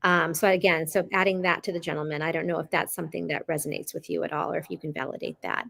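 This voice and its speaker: A woman's voice: low-pitched, flat delivery, quick pace, creaky, a bit bright. A woman co-hosting a live psychic reading, describing impressions tentatively with many fillers. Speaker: intuitive co-host.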